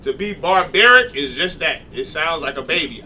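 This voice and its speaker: A man's voice: on the high side, lively intonation, normal speed, sharp tone, a little hiss or hum. A man teaching a class, explaining how to read and encouraging a student as he corrects his pronunciation. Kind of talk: classroom instruction.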